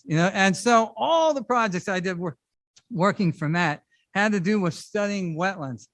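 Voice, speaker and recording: Middle-aged male pastor, high-pitched and conversational, animated sermon delivery, dry recording. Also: unhurried, dry recording. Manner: conversational and animated, with casual asides. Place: church service.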